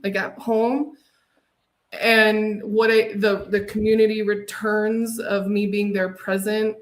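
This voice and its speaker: A woman guest in a casual podcast chat, reflective and halting, with many fillers and sudden lifts in pitch. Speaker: podcast guest, design software user group leader.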